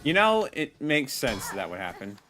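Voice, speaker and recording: A man's voice: medium pitch, wildly swooping pitch, normal speed, bright, forceful tone, slight background noise. A man streaming a video game, chatting casually as he plays, rambling, restarting words and talking to his viewers. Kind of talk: casual gameplay commentary.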